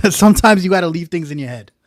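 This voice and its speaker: A man co-hosting a live stream, talking in relaxed slangy chat that drifts quiet. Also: high-pitched, fast, no room sound, studio quality.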